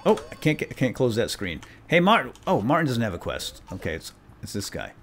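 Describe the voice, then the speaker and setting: An excitable man gives gameplay commentary, his pitch leaping up and down all the time. He jokes around and reads the on-screen text aloud as he plays. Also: a little fast, a little hiss or hum. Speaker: let's play host.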